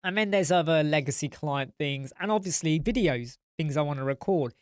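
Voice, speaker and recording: A man's voice: fairly high pitch, expressive, normal speed, clean tone, no echo. Tired, rambling man on a dry mic. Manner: rambling, chatty, reads out viewer comments. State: tired, yawning. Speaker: live chat host. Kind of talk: casual live-stream chat.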